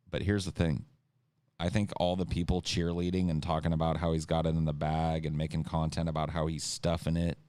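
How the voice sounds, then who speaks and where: A man with a very low voice rants heatedly on a podcast, cursing freely. He breaks into mocking impressions of the people he argues against. The sound is dry and close to the mic. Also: clear, resonant tone, no echo. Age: adult (an incumbent lost twice in his lifetime). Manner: profane, animated, mocks others with impressions. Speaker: podcast co-host. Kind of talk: heated political podcast rant.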